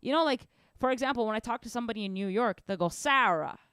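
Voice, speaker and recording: A young woman giving a casual drum lesson, animated and rambling, often restarting her sentences. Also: a little high, very fast, smooth, no echo, clean studio sound. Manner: animated, rambling, self-correcting. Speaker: drum teacher.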